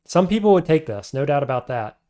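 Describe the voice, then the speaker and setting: A man's voice: fairly high pitch, sing-song, a little fast, mellow. A man streaming a game, thinking aloud as he weighs his options and answers chat. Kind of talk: casual live-stream commentary.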